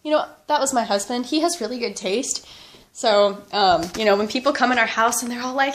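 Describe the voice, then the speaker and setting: A woman's voice: fairly high pitch, fairly quick, fairly bright tone, slight background noise. A woman vlogger with a fever, chatting casually and rambling, with frequent laughter. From United States. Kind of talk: casual vlog chat.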